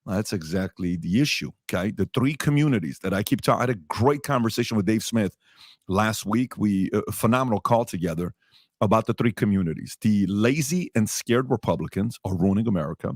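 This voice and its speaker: A man's voice: lowish voice, animated, fairly quick, dry recording, studio quality. A man on a podcast telling a story and making emphatic, repeated points, acting out the people he quotes. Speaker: podcast host. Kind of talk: storytelling rant. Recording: played clip from a podcast.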